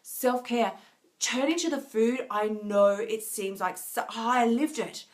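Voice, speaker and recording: A woman's voice: fairly high pitch, unhurried. Earnest, weary woman on a live stream. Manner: earnest and emotional, with many restarts and soft laughs. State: tired, near tears. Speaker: wellness coach. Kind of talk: live stream talk to viewers.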